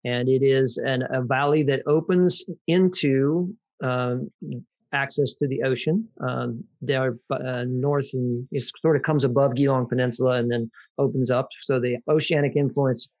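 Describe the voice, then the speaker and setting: A man's voice: medium pitch, fairly even intonation, unhurried, darkish tone, highs cut off. A man hosting a wine tasting, explaining in a conversational way and speaking directly to listeners. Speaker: host.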